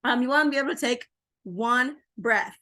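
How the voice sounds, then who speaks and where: A middle-aged woman giving parenting advice to camera in a casual, animated way, laughing often and repeating phrases for emphasis. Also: on the high side, normal speed. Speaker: parenting coach.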